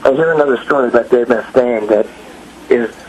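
A middle-aged man telling stories in casual chat, animated, acting out quotes in raised voices. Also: mid-range voice, fairly quick, a little hiss or hum, low-quality recording. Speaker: guest musician.

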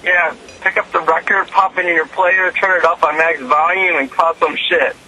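A man's voice: a little high, steady tone, normal speed, crowd noise, low-quality recording. A man, a band member guest on a radio show, talking in a brash, rowdy way. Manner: brash, laughing. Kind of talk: casual interview chat.

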